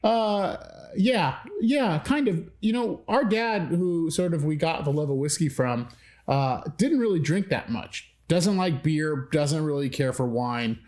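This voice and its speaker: A man in his thirties from the Midwest co-hosts a casual podcast, telling stories with a somewhat high voice. He jumps into other people's voices as he tells them. His delivery stays loose and chatty. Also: a little slow. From American Midwest. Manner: animated storyteller, acts out other people's voices with big pitch jumps. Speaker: podcast co-host. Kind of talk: casual chat.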